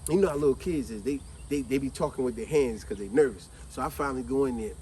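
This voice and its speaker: A man, hosting a casual vlog and telling a family story in a lively way. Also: medium pitch, fast talker, a little hiss or hum. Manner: lively, animated, laughs while telling. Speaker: vlog host.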